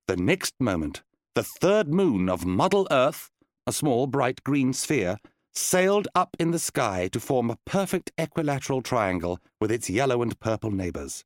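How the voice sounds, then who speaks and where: A man reading a children's fantasy story aloud in an expressive, storytelling way. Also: mid-range voice, normal speed, dry recording. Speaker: narrator. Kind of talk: audiobook reading. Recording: dry close studio sound.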